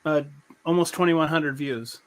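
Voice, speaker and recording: A man chatting casually as a regular guest, halting and repeating himself with lots of fillers. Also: fairly high pitch. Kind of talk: casual live-stream chat.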